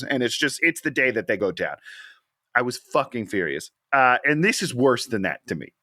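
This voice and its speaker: A man's voice: mid-range voice, big pitch swings, fast talker, sharp tone, no echo, studio quality. A man co-hosting a casual movie review podcast, ranting with sarcasm about lazy filmmaking. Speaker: podcast co-host.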